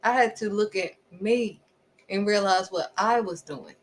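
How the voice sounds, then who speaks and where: A woman giving a casual, faith-driven motivational talk, acting out quick back-and-forth exchanges and repeating pointed questions at the listener. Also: medium pitch, poor audio. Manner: animated, acts out little back-and-forth exchanges. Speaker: faith vlogger.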